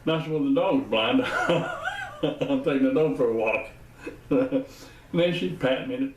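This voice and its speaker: A man's voice: mid-range voice, huge pitch swings, measured pace, pauses often, a little hiss or hum. A man, telling funny stories casually and laughing often. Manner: laughs often, teasing, folksy. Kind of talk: casual storytelling. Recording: roomy, slightly distant mic.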